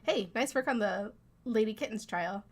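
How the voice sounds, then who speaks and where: A woman's voice: mid-range voice, moderate pace, husky, lightly acted. A brash male prison guard from a game, read by a woman, offhand and careless in tone. He talks plainly and bluntly. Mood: mocking.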